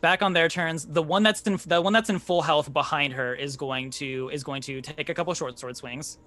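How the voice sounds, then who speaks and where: A man narrating as game master of a live tabletop game, animated and swearing freely, with many restarts. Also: fairly high pitch, normal speed.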